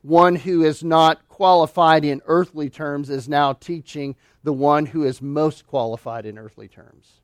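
Guy preaching, high voice, dry close sound, punchy and emphatic, loud then hushed. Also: steady tone, a little slow, no echo. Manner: emphatic, rhetorical questions, swings between loud and hushed. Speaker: pastor. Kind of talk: sermon.

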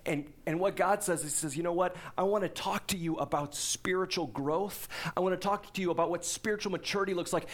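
A pastor in his forties preaches in a relaxed, conversational way, breaking off for asides and rhetorical questions. His voice is fairly high and moderately paced, with hardly any pauses.

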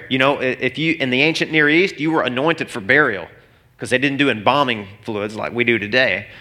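A man's voice: mid-range voice, sharp tone. A man preaching a sermon in an earnest, emphatic way, asking the listeners questions as he goes. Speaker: pastor.

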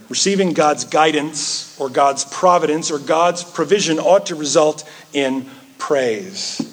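A man preaching a sermon in an earnest way, rising into animated quoted asides. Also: medium pitch. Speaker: pastor.

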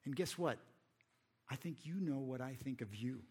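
A man's voice: mid-range voice, moderate pace, a little mellow, husky. Man voicing a curt, defiant woman at a well.

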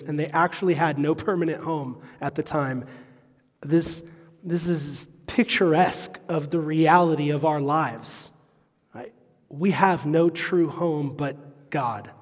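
Male pastor, unhurried expository sermon, reverb-heavy sanctuary sound. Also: fairly high pitch, a little mellow. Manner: expository preaching, quoting scripture.

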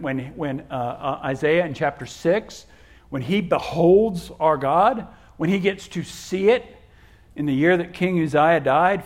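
A pastor delivers his sermon in a slightly raised male voice. He leans on repeated words and swings between loud emphasis and hushed asides. Homey anecdotes run through his preaching. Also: fairly high pitch. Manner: folksy storytelling asides.

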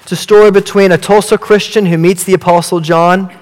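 A man's voice: high voice, steady tone, a little fast, in a large hall. Earnest male pastor preaching. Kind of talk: sermon.

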